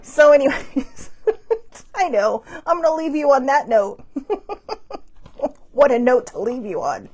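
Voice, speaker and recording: A woman's voice: sits high, animated, a little slow, pauses often, darkish tone. A woman hosting a live stream, talking in a rambling, chatty way, blunt and upbeat, laughing often. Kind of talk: casual chatty monologue. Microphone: phone or webcam on a live stream.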